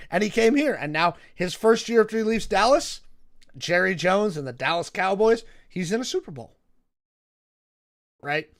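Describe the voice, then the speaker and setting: A man on a casual talk stream, with a voice a little higher than most men's. He tells his stories with energy and keeps checking in with "right?" as he talks. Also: moderate pace, long pauses. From Seattle area, United States. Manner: animated storytelling, many fillers and "right?" tags. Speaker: co-host. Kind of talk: casual podcast chat.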